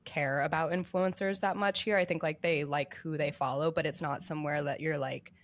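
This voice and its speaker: Low-voiced young woman chatting casually. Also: steady tone, fairly quick. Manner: chatty, lots of "like" fillers. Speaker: podcast guest. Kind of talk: casual chat.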